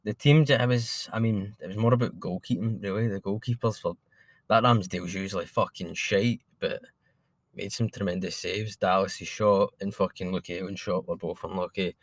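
A man co-hosts a football podcast in casual, excitable chat full of swearing. His voice sits low, and the recording is dry and close with no room sound. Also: moderate pace, dry recording. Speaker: podcast co-host.

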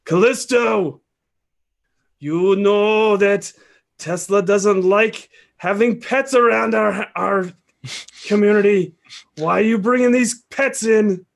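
A man's voice: medium pitch, fairly even intonation, normal speed, pauses often, close to an everyday voice. A man voicing a grouchy, sarcastic dog-man in a tabletop game. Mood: scolding. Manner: dry and sarcastic.

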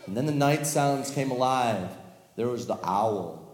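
A man telling a children's story live, playful and animated, with sound effects and laughter. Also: medium pitch, unhurried, background noise. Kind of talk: live storytelling to a family audience. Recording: echoey hall with long reverb.

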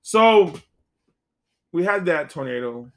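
Man, casual podcast chat, high voice, laid-back questions. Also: lively intonation, slow pace. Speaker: podcast co-host.

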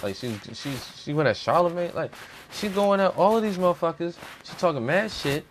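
A man's voice: fairly high pitch, lively intonation, moderate pace, slight background noise. Man ranting heatedly, swearing constantly. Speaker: commentator. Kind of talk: profane opinion rant.

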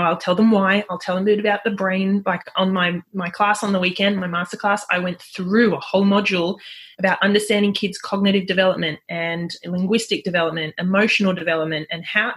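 A woman's voice: medium pitch, fairly even intonation, a little fast, fairly bright tone. Chatty woman parenting coach. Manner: chatty, laughs often, acts out parents' voices. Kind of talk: conversational interview.

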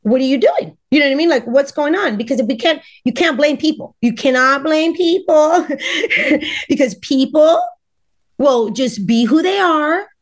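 A woman's voice: high voice, animated, normal speed. A middle-aged woman from Los Angeles of Cuban background, a dating coach talking as a podcast guest, emphatic and repeating words as she acts out what people said. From Los Angeles, Cuban family. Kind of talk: podcast interview.

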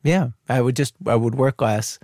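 A man being interviewed, talking fast and casually with laughs and lots of "like" and "you know.". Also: medium pitch, darkish tone, dry recording, clean studio sound. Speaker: radio host as guest.

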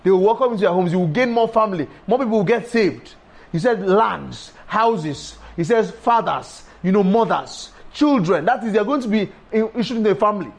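A man preaching a sermon, emphatic and repetitive, breaking into sudden high exclamations. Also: expressive, a little fast.

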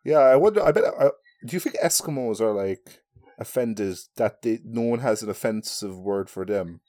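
A young Irish man co-hosting a casual podcast from his bedroom, talking into a podcast mic. His voice rises and falls in a lively way as he jokes crudely with his friend. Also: on the low side, normal speed. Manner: crude joking, laughs often. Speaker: podcast co-host. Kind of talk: casual chat. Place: bedroom at home.

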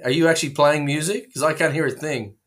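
A man's voice: fairly high pitch, fairly even intonation, fast, fairly bright tone. Rambling playful man on a call. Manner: rambling, playful, absurd tangents with frequent fillers. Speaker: co-host. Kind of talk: casual comedic chat.

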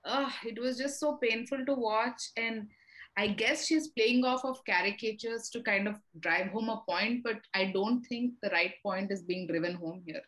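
A woman's voice: on the high side, normal speed, a bit bright, poor audio. A woman from India in a casual podcast chat, giving frank, exasperated criticism with lots of fillers.

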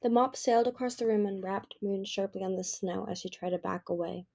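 A woman's voice: mid-range voice, fairly quick, creaky, a little mellow. Woman reading a fantasy novel aloud. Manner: voices the characters' dialogue. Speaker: audiobook reader.

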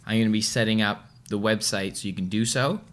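A man hosting a casual podcast, upbeat and playful, with quick bursts of excitement. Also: lowish voice. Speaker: podcast host. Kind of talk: casual chat.

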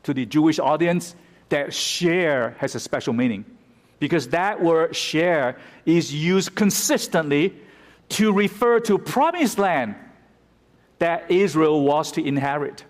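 A man delivers a sermon, explaining scripture verse by verse and turning dramatic whenever he quotes it. His voice sits a little high for a man. A long reverb from the hall trails after his words. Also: expressive, measured pace. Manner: expository, dramatic when quoting scripture. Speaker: pastor.

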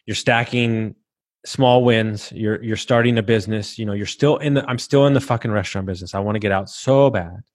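A man's voice: on the low side, brisk, a little mellow, no room sound. A man in his thirties, a podcast host, telling his personal story candidly and bluntly, swearing freely and restarting his sentences. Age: 30s.

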